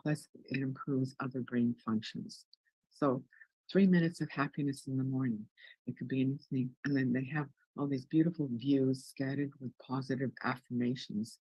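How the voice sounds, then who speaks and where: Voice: medium pitch, steady tone, moderate pace, darkish tone, breathy edge, no room sound, low-quality recording. A wellness guest in an interview, upbeat and jokey, often restarting words.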